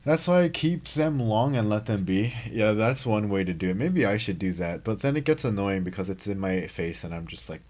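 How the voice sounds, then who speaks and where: A man's voice: on the low side, lively intonation, brisk, few pauses, a little mellow. A young man livestreaming a mobile game, chatting casually, reading chat and reacting to plays.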